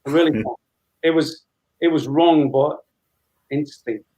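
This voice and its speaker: A man in his fifties, a former footballer, telling lively anecdotes with frequent laughter as an interview guest. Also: on the high side, unhurried, low-quality recording. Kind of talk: casual storytelling interview.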